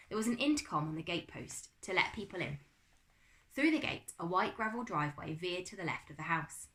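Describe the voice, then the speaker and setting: A woman teacher reading a children's novel aloud to her class, with expressive storytelling. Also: lowish voice. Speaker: primary school teacher.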